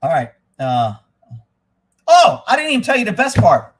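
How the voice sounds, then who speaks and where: Casting: middle-aged man, high-pitched voice, loud, blunt type A ranter, swears constantly. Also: wildly swooping pitch, moderate pace, slightly rough. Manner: loud, profane, type A storyteller. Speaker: host of a live stream. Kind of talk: casual ranting monologue.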